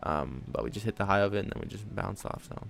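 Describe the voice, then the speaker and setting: A man's voice: low-pitched, lively intonation, fast, gravelly, fairly bright tone. A man live-streaming his day trading, talking casually and thinking aloud about chart levels, often tossing in "honestly" and "man". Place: at home at his trading desk with his dog on his lap.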